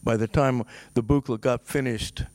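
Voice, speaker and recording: An older man giving a talk about his past as a composer, halting with many ums and restarts, then animated in telling an anecdote. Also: dry recording. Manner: lively in storytelling, high for quoted voices.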